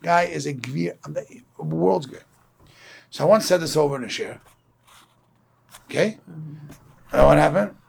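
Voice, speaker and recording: Unhurried and pausing often, a man from Brooklyn, New York, leads a casual Torah class, telling stories and acting out quoted people in animated voices. His pitch is fairly high with vocal fry, and there's slight background noise.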